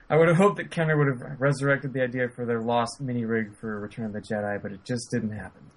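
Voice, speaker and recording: Laid back guy co-hosting a podcast, laughs a lot, reads stuff out steady, medium pitch. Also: fairly quick, low-quality recording. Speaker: podcast co-host. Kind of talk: casual chat and reading aloud.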